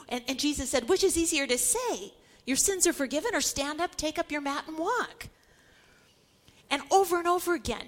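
High-voiced woman teaching scripture emphatically. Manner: emphatic, repeats words for stress. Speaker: Bible teacher. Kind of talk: Bible study teaching.

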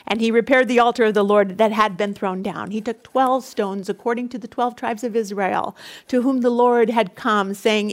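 Woman preacher retelling scripture dramatically. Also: medium pitch. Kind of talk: sermon with scripture reading.

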